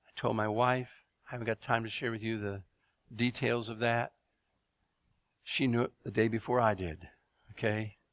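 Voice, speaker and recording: A man's voice: on the low side, moderate pace, pauses often. A middle-aged man preaching a testimony sermon, telling stories with laughter and asking the audience questions. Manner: animated storyteller, laughs, asks audience.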